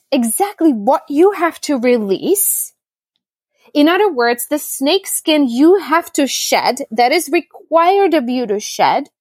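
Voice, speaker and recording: Woman podcast guest, middle-aged coach, lively storyteller with a slightly high voice, close and dry. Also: no echo. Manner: animated storyteller, acts out her own reactions. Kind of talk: casual conversational interview. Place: home in Costa Rica during rainy season.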